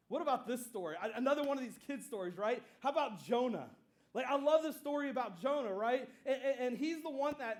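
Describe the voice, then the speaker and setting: A high-voiced pastor preaches in a relaxed, chatty way, full of asides and quick questions to the congregation. He retells stories with animated energy, acting out the scenes. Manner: casual, conversational preaching with fillers and asides. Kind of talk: sermon.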